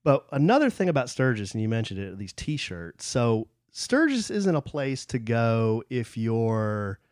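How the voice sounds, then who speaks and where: A man co-hosting a casual chat podcast, telling animated stories about a trip. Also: medium pitch, measured pace, no echo, studio quality. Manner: storytelling, animated when recounting. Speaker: podcast co-host.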